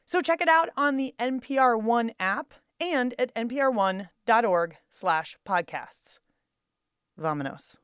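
A woman's voice: animated, measured pace, hardly any pauses, a bit bright, smooth, dry recording, studio quality. A woman hosting a podcast show in a bubbly, playful radio manner. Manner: bubbly and playful, with big swoops in pitch.

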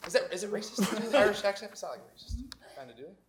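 A man hosting a comedy podcast, goofy and excitable, hopping from joke to joke. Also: sits high, rapid-fire. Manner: goofy, excitable, jumps between jokes. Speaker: podcast host. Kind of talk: casual comedic chat.

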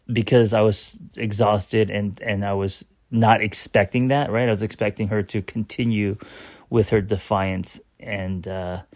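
A man's voice: fairly low pitch, a little mellow, no room sound, clean studio sound. A man, a therapist hosting his own show, talking through a personal moment in a casual, earnest, rambling way with frequent restarts. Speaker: therapist and podcast host. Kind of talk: casual reflective monologue.

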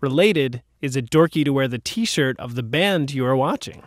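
A man's voice: mid-range voice, lively intonation, moderate pace, no room sound, studio quality. A man co-hosting a radio interview, making wry joking asides and reading audience questions. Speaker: radio show co-host. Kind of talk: casual interview chat.

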